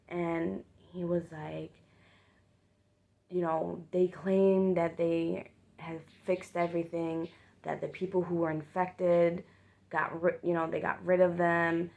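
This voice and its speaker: A woman's voice: on the low side, creaky, a little mellow. A woman casually retelling a vivid dream as a storytime, swearing freely and using lots of fillers.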